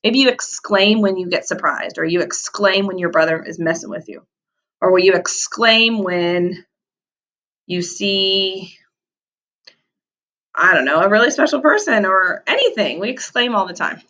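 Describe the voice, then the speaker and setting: Female teacher, kids' vocabulary lesson, animated delivery with lots of pitch movement, drawn-out key words. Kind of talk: vocabulary lesson for young children.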